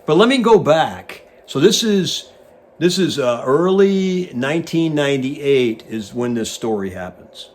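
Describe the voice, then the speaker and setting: A man in his sixties, a retired Navy pilot hosting, casually telling an animated anecdote and acting out the dialogue. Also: on the high side, measured pace. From United States. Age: 60s. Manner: animated storyteller who acts out quoted dialogue.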